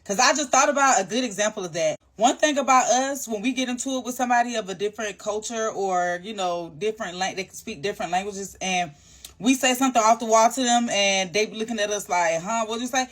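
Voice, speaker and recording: A woman's voice: medium pitch, a little fast, a bit bright. A woman telling a story in a casual, blunt, slangy rant as a social media creator.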